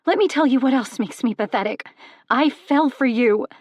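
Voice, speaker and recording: A woman voicing a proud young goddess who speaks in a forceful, accusing way. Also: mid-range voice, fairly even intonation, moderate pace, creaky, slightly rough, dry recording. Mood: angry.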